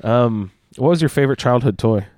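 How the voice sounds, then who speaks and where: Male podcast co-host, middle pitch, wry and teasing; dry close mic. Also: fairly quick, darkish tone, dry recording. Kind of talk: casual chat.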